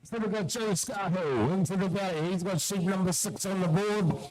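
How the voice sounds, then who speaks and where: A high-pitched man commentates live on a shearing contest. He calls out each competitor by name and pushes them to keep going. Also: normal speed, a little mellow, rough recording. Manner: urges competitors on, calling out names.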